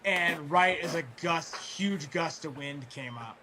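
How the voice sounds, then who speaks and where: A man telling a long story in casual chat, rambling with fillers and restarts, clearing his throat as his voice wears out. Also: a little high, slow pace, heavy background noise. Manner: rambling, full of fillers and restarts, swears freely. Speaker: guest storyteller.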